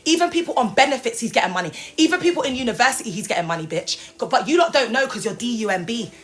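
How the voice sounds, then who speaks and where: A woman's voice: fairly high pitch, animated, fast. A young woman hosting an unscripted livestream, mocking and taunting viewers and swinging between mock-proper speech and street slang. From United Kingdom. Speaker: livestream host. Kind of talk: unscripted live commentary.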